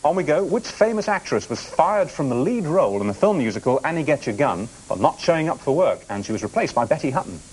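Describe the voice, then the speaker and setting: A man's voice: a little high, big pitch swings, quick pace, few pauses, a little mellow, a little hiss or hum, poor audio. A man hosting a TV quiz show in a studio, bantering and teasing the contestants between questions. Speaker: game show host.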